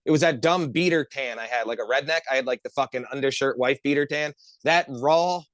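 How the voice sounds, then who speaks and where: A man's voice: mid-range voice, a little fast, dry recording. A man on a podcast telling a long, rambling story among friends, swearing constantly and talking with lots of energy. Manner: profane, animated, rambling storyteller. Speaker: podcast co-host.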